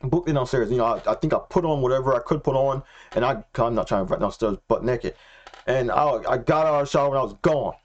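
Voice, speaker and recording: A young man telling a personal faith story in a casual, excitable way, slangy and repeating himself. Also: medium pitch, fast, dull audio. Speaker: Christian vlogger.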